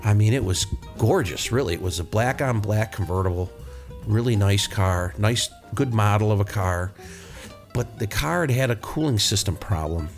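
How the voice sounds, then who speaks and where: A man's voice: on the low side, expressive, moderate pace, soft background music. A male podcast host who works as a mechanic, telling blunt, profane, rambling shop stories. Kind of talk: casual podcast storytelling.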